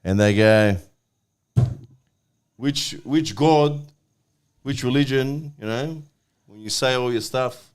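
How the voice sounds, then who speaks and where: A man co-hosting a football podcast in casual chat, excitable and laughing a lot, with stumbling restarts. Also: medium pitch, slow, pauses often, smooth. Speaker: podcast co-host.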